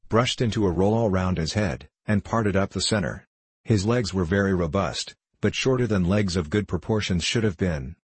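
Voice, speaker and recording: A man reading a classic novel aloud in measured, even narration. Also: sits low, slightly rough, dry recording. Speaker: audiobook narrator. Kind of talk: scripted narration.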